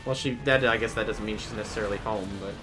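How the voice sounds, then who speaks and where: A man's voice: fairly low pitch, fairly even intonation, fast talker, over music. A man streaming a video game, chatting casually and rambling off-topic, often trailing off mid-sentence. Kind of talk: casual gameplay commentary.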